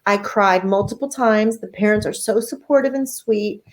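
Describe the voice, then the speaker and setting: A woman's voice: medium pitch, normal speed. A middle-aged woman, an author as interview guest, gushing and swearing casually as she chats.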